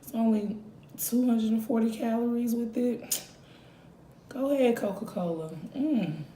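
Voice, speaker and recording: A woman vlogging a mukbang, chatting casually between bites and humming contentedly as she eats. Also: fairly high pitch. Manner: slow, relaxed talk between bites, lots of contented hums. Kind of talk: casual eating vlog. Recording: echoey room, faint background noise.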